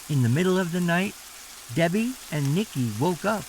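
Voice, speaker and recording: A man reading a children's storybook aloud as a bedtime story, slow and sing-song with lots of expression. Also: high voice, animated, a little hiss or hum.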